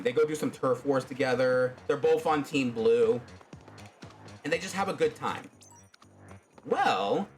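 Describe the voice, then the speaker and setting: A man casually telling his own fan story on a stream, rambling with many fillers. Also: medium pitch.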